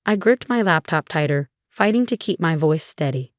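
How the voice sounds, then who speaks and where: A woman with a fairly low voice tells a first-person story in a steady, measured way. The recording is dry and close, with no room sound. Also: no echo. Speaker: narrator.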